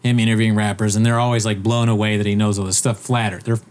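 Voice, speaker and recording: A man's voice: lowish voice, level tone, fast, a little mellow. A man hosting a podcast in casual chat, joking, swearing freely and slipping into mocking impressions. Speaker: podcast host.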